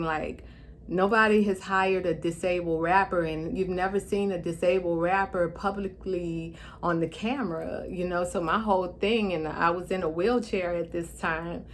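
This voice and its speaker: Her voice fairly low, a vlogger tells an emotional personal story, heartfelt and tearful, stopping now and then to compose herself. Her speech bears slight effects of a stroke, with a bit of background noise behind her.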